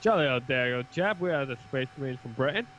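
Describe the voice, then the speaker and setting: A man's voice: medium pitch, animated, fast talker, fairly bright tone, dull audio, a little hiss or hum, close to an everyday voice. A man voicing a pompous, posh British male space soldier with a jolly, plummy manner.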